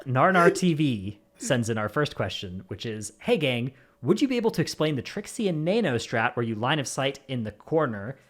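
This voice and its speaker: A man's voice: mid-range voice, very animated, moderate pace, few pauses. A man hosting a gaming podcast, reading out supporter names in an easygoing way with jokey asides. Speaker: podcast host. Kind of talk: casual gaming podcast chat.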